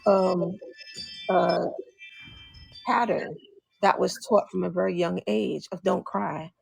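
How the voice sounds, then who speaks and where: A woman's voice: fairly low pitch, slow, creaky, husky, no echo, soft background music. A woman talking as a podcast guest, telling stories and acting out what people said. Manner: animated storyteller, acts out quoted speech. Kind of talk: casual podcast conversation.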